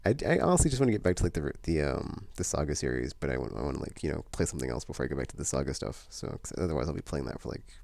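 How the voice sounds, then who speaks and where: A man talks through his plans in a loose, wandering way, piling up fillers and restarts. His voice sits extremely low with a gravelly edge, and the recording is dry. It sounds like easygoing monthly vlog chat. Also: sing-song, very fast, hardly any pauses, a little mellow, dry recording. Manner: meandering, many fillers and restarts. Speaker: vlogger. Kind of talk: casual rambling chat.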